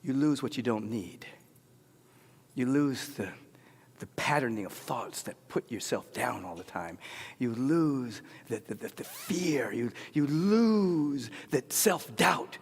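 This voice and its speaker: A man delivering an impassioned sermon in a rhythmic, repetitive cadence, swinging between shouts and hushed murmurs. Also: medium pitch, lively intonation, slow pace, husky. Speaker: spiritual leader. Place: large spiritual center sanctuary. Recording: long hall reverb.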